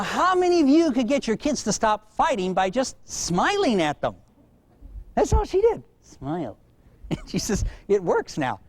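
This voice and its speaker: A man giving a storytelling lecture on parenting to a live audience, animated and laughing at his own stories. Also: high-pitched. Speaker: parenting educator.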